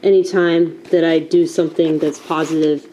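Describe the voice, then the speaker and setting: Blunt, low-voiced woman vlogging. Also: flat delivery, normal speed, mellow, slight background noise, poor audio. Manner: blunt, frank and a little profane; emotional and self-mocking. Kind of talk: candid casual talk to camera.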